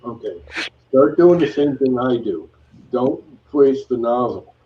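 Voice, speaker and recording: A man's voice: medium pitch, unhurried, recorded from a distance, dull audio, slight background noise. A man in a casual stream chat, matter-of-fact as he explains technical steps.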